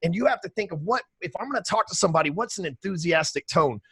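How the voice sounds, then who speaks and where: A man, talking emphatically and with high energy as a podcast guest, swearing casually. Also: animated, fast talker, a bit bright, slightly rough, dry recording. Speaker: podcast guest, sales trainer. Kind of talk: energetic interview talk.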